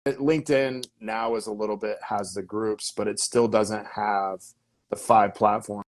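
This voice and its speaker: A man giving business-coaching advice as a guest in a casual interview, energetic and emphatic, who keeps checking in with "okay?" and "right?". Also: fairly low pitch, unhurried.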